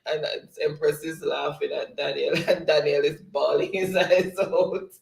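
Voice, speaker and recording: Jamaican male co-host, higher voice, chuckles through chat readouts. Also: little pitch movement, measured pace, gravelly, darkish tone, roomy sound. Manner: giggly, reads viewer comments aloud. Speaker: live show co-host reading chat. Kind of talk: casual live-stream chat.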